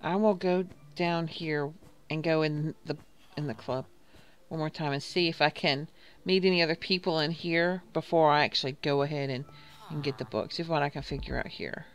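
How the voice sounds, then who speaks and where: A woman's voice: low voice, fairly even intonation, normal speed. Chatty woman narrating her gameplay. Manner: chatty, thinking aloud, reading game lines. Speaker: gaming video host. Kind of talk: casual gameplay commentary.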